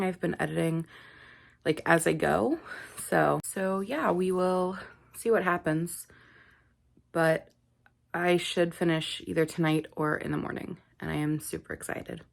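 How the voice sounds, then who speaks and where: Young woman, book vlogger, casual chat, unhurried, gravelly voice, gushing. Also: fairly low pitch. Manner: chatty, gushing, laughs often. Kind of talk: casual reading vlog.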